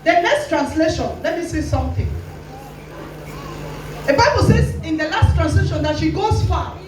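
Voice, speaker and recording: High-voiced Nigerian woman preaching. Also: expressive, moderate pace, background noise. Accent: Nigerian English. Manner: preaching with dramatic quoted voices and direct challenges. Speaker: pastor. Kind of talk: sermon. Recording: very echoey hall with faint music, voice from a distance.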